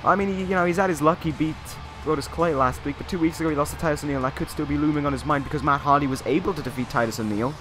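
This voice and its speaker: A man's voice: on the high side, very fast, hardly any pauses, over music. A man giving casual, joking play-by-play commentary on a wrestling video game, slipping into mock announcer phrasing.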